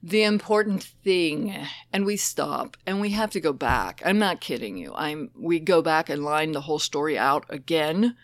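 A woman with a slightly low voice tells stories from her work training dementia caregivers. She is lively and openly emotional and laughs often mid-sentence. The sound is dry and close, with no room echo. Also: moderate pace, hardly any pauses. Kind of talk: conversational storytelling.

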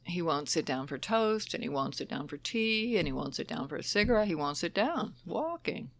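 A woman who trains dementia caregivers, telling stories conversationally, lively and emotional, often laughing as she talks. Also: fairly low pitch, moderate pace, creaky. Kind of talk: conversational storytelling.

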